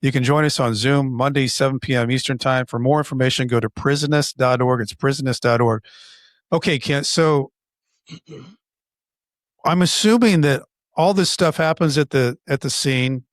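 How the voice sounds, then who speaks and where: A man hosting a podcast, asking long, deliberate questions with occasional stammers. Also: medium pitch, no room sound, studio quality. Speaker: podcast host. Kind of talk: interview questions.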